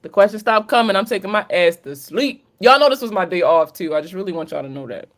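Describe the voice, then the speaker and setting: A woman with a Maryland accent hosts a casual late-night livestream Q&A as a credit coach. She talks in a candid, chatty way, swearing freely and mixing in slang. Her voice sits at a middling pitch. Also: animated, fast. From Maryland, USA. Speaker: credit coach hosting a live Q&A.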